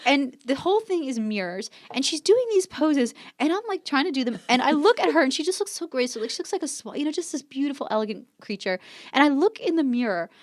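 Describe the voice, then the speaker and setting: Fast, high-voiced woman telling animated stories. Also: dry recording, studio quality. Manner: animated storyteller, acts out quotes with big pitch jumps; self-deprecating, laughs through stories. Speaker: podcast guest, mom lifestyle expert. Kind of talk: casual interview chat.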